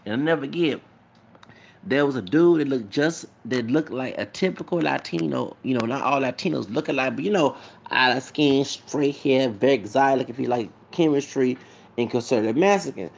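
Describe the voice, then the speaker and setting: A man's voice: medium pitch, normal speed, gravelly, slight background noise. A man ranting casually to his camera as a vlogger, rambling and repetitive, with emphatic asides.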